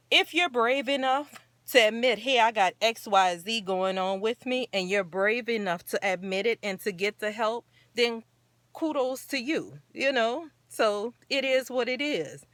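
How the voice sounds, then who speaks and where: A woman hosts her own talk show, and she's also a parent. Her slightly high voice sounds pushed and bright, with no room sound, as she talks earnestly and encouragingly in a rambling, casual manner.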